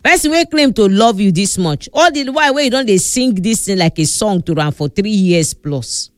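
A woman's voice: medium pitch, animated, moderate pace, no echo. Nigerian Pidgin woman, blunt advice vlogger, dry close voice, faint music under her. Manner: scolding, emphatic, repeats for stress. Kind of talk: casual advice talk.

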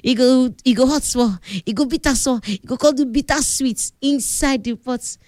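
A woman's voice: sits high, normal speed, a little mellow, dry recording, clean studio sound. A woman with a Nigerian accent hosting a radio cooking talk, chatty and instructive, laughing often as she talks. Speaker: radio host.

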